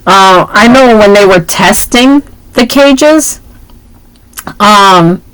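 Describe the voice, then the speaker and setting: A woman co-hosts a relaxed movie talk, joking and animated as she goes. Her voice sits at a middle pitch. The sound is dry and close. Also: very slow, smooth, no room sound, rough recording. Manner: playful, animated, jokes and puts on voices. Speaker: podcast co-host. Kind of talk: casual chat about movies.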